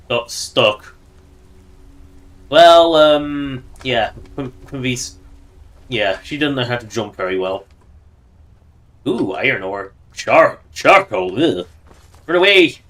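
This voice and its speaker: A man's voice: mid-range voice, a bit bright. A man giving casual, joking commentary while livestreaming a game and talking to its characters. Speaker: streamer.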